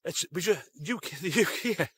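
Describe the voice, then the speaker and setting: A man's voice: high-pitched, expressive, moderate pace, fairly bright tone, husky, no echo. A middle-aged man, hosting a live-stream show in a rambling, sweary, blunt way. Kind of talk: casual live-stream rant.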